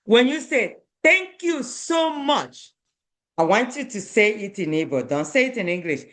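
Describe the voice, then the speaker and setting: A woman teaching an online beginner language class, repeating each word slowly and spelling out syllables for learners, firm when children stop paying attention. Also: mid-range voice, expressive, fairly bright tone. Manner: slow, repeats words and stresses syllables for learners; firm with children who do not pay attention.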